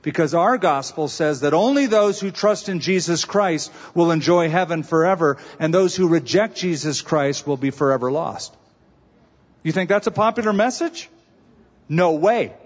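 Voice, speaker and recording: A man's voice: a little high, expressive, normal speed. A man preaching a sermon as pastor, conversational with humor and emphatic stresses. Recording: dull reverberant sanctuary recording.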